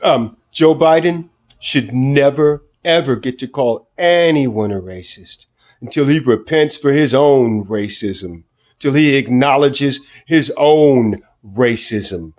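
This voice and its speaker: A man delivering political commentary in a vlog, emphatic and sarcastic, his pitch and loudness swinging widely. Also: takes it slowly.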